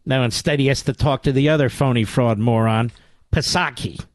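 Radio host guy, mocking and combative, dry close mic, middle pitch. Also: normal speed, dry recording. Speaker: radio talk show host. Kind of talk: political talk radio monologue.

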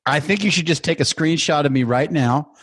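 A man's voice: fairly high pitch, a little fast, a bit bright, husky. A man in his fifties, a podcast guest, joking and laughing through casual chat. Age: 50s.

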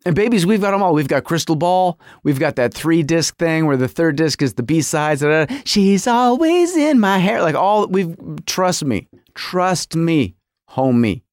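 A man's voice: a little high, moderate pace, no room sound, studio quality. A middle-aged man hosting a podcast, telling a comic story about his marriage with exaggerated quoted voices. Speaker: podcast host.

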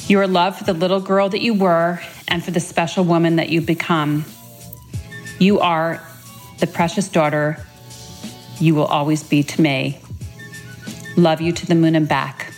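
Middle-aged mom reading a sweet birthday message, lowish voice, soft music behind. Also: female voice, steady tone, unhurried, pauses often. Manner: fond storytelling, tender. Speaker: mother leaving a birthday message. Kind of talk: read-aloud birthday tribute.

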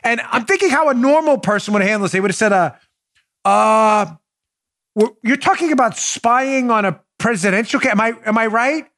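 A man's voice: very high-pitched, fairly quick, hardly any pauses, dry recording. A man hosting a political talk show, mocking his targets with sarcasm and acted-out scenes. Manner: sarcastic, animated, acts out scenes.

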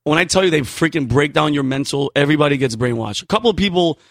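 Excitable, foul-mouthed man telling stories. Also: a little high, fast, no echo, clean studio sound. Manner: profane, excitable storyteller. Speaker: podcast guest, military veteran. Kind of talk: casual storytelling chat.

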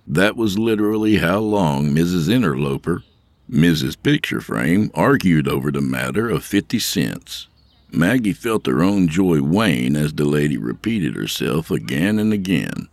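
Male narrator, very deep, animated delivery, dry studio sound, wry storytelling. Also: a little slow, gravelly, no echo.

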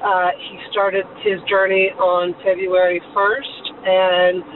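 A woman's voice: medium pitch, level tone, takes it slowly, narrow, tinny audio. Earnest woman caller, distant noisy phone. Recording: distant phone recording with noise.

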